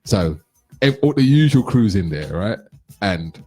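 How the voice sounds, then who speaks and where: A middle-aged man tells a story on a radio show, acting out the voices of the people in it. His voice is low and husky. Faint music plays behind him. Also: a little slow. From London. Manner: animated anecdote telling, acts out quotes. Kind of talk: casual storytelling chat.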